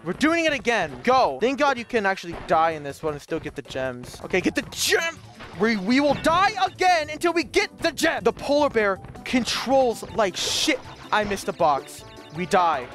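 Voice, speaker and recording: A young man giving live gameplay commentary as a let's play gamer, ranting at the game with frustration and lots of swearing. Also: high-pitched. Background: game music.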